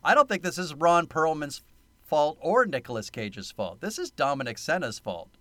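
A man's voice: fairly high pitch, sing-song, normal speed, pushed and bright, no room sound. A man co-hosting a casual film review podcast, sarcastic, laughing often and swearing freely. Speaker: podcast co-host.

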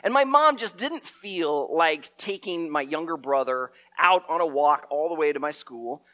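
A middle-aged man telling a story as a preacher, animated and often repeating his words. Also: fairly high pitch, a little slow. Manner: lively storyteller, acts out shouted quotes, stumbles and repeats words.

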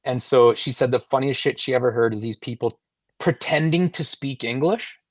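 A man's voice: mid-range voice, moderate pace, no echo. Canadian male guest, easygoing storyteller, dry sound. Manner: storytelling, laid-back, swears casually. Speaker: podcast guest. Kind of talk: casual chat.

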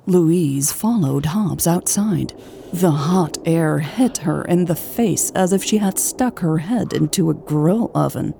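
A woman reading an audiobook as its narrator, in a measured, even way. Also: deep voice, creaky, slight background noise.

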